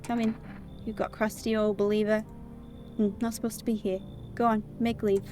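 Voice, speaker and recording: A woman's voice: medium pitch, level tone, normal speed, dark tone, faint music behind, natural voice. A woman doing a curt dancer in broken English. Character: blunt foreign ballet dancer woman.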